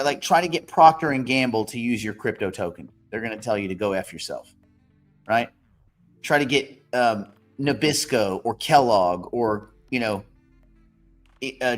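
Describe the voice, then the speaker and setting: A man hosting an investing question-and-answer show, talking in a blunt, rambling and often profane way. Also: medium pitch. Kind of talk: casual livestream Q&A.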